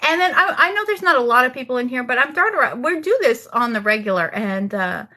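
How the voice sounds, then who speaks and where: A woman with a bright, forceful voice, co-hosting in an earnest, supportive tone. Her humour stays mock-solemn and her speech is full of fillers. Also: high-pitched, animated, fast. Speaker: rabbi and co-host. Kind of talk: casual chat.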